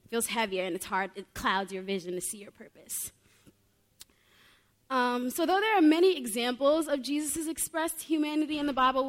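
A young woman preaching a sermon in a heartfelt, earnest way, often saying "like" between her thoughts. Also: a little high. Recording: long reverb of a large hall.

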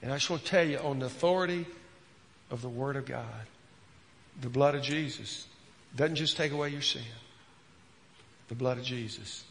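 A man preaching a sermon as a pastor, earnest, repeating words and dropping from loud to hushed. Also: medium pitch, normal speed, long pauses, in a large hall, slight background noise.

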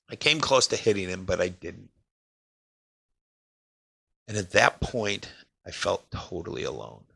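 A man telling a personal story of crisis in an emotional, halting way, his voice sinking quiet in the hardest parts. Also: big pitch swings, gravelly, husky. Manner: emotional, pausing, voice drops low and quiet in heavy parts.

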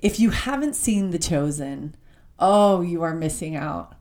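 A woman's voice: fairly low pitch, animated, darkish tone. A woman giving a heartfelt devotional talk, reading scripture aloud and speaking with open emotion. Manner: reads scripture aloud slowly.

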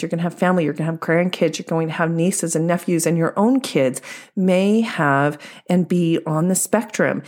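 Woman, very low voice, dating coach, podcast monologue, steady explanatory delivery.

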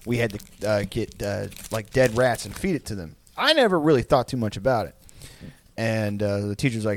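A man's voice: lowish voice, lively intonation, brisk, no room sound. A young man on a podcast telling a rambling, profane story in casual chat, full of likes and ums. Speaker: podcast co-host.

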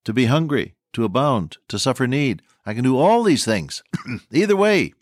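A man's voice: mid-range voice, sing-song, normal speed, no room sound, studio quality. An older man teaching the Bible on the radio, folksy and earnest, repeating his key lines. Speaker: radio preacher.

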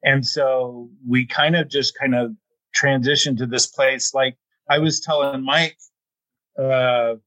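Calm man on a dull, dry recording. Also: mid-range voice, slow, dry recording. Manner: calm, reflective, adds to his wife's story. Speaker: guest. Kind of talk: podcast conversation. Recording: dry, slightly dull lo-fi sound.

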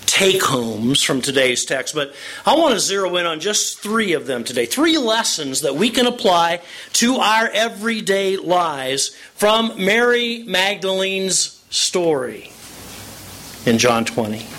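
Guy preaching a sermon, high voice, super expressive, acts out the quotes. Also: a little slow, rough recording. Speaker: pastor.

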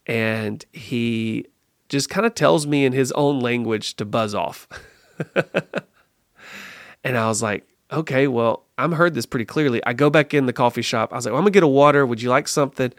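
A man being interviewed on a podcast, telling a personal story in an earnest, lively way and often restarting his phrases. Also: medium pitch, no room sound, studio quality. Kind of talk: casual conversational storytelling.

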